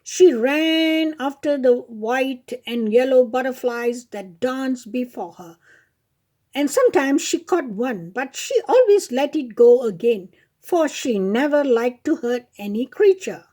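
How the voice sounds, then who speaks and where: A woman reading a fairy tale aloud in a high, mellow voice. She takes her time, and small slips and self-corrections dot her storytelling. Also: animated, slow pace.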